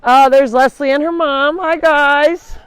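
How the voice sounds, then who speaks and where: A woman's voice: high voice, fairly even intonation, measured pace, no room sound. A woman hosting a casual live tour of an animal sanctuary, chatting and breaking off to call animals over. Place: outdoors at a farm.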